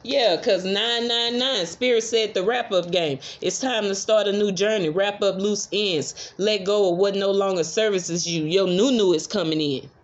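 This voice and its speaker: A woman's voice: mid-range voice, normal speed, hardly any pauses. Chatty woman tarot reader, lo-fi sound. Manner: chatty, repeats affirmations, swears freely. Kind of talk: casual tarot reading.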